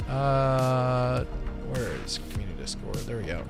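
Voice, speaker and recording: A man's voice: medium pitch, normal speed, over music. A man hosting a live stream in casual chat, easygoing and rambling with lots of fillers. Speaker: livestream host.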